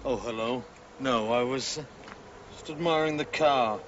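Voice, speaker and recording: An actor playing a polite, smug customs officer who speaks slyly in a TV drama. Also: male voice, mid-range voice, unhurried, a little hiss or hum, close to an everyday voice. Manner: politely sly. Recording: dull lo-fi TV audio.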